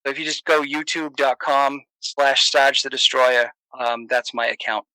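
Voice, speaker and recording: A man's voice: medium pitch, fairly even intonation, moderate pace, sharp tone, no echo, rough recording. A man chatting earnestly as a podcast guest, rambling a bit with restarts. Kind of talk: casual chat.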